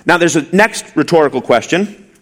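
A man delivers an expository sermon from the pulpit, his voice somewhat high and very lively in its rise and fall. He leans on rhetorical questions and says key lines twice for emphasis. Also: normal speed. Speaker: pastor.

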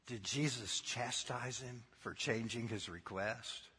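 A man's voice: medium pitch, takes it slowly, pushed and bright, breathy edge. A man preaching a sermon who keeps putting questions to the congregation and tells the story with laughter. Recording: long hall reverb.

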